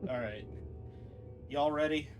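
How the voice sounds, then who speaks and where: A man's voice: fairly high pitch, slow, over music. A man running a tabletop game as game master, narrating with a theatrical, dramatic delivery.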